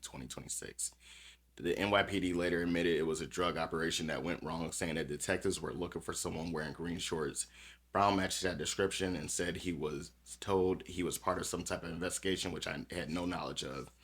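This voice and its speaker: A man's voice: low-pitched, slightly rough. A man hosting a podcast, reading news stories aloud with small stumbles and commenting on them bluntly with plenty of cursing. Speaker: podcast host.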